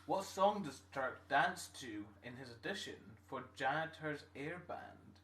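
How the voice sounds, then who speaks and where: A man's voice: on the high side, expressive, a little slow, a bit bright, recorded from a distance. A Scottish man hosting a live stream quiz, reading questions with a joking manner and some stumbles. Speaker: quiz host. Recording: roomy echo.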